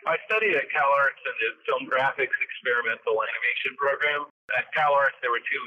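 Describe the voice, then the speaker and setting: A man's voice: medium pitch, fairly quick, bright, forceful tone. A man who works as an animator, remembering his early career in a reflective, conversational way and often restarting his phrases. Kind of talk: interview recollection. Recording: distant, muffled mic.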